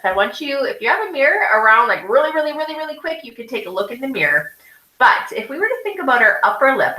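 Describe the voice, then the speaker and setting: A woman's voice: a little high, pushed and bright, echoey room, low-quality recording. A woman art teacher guiding children through a drawing step by step, often checking in with "okay?".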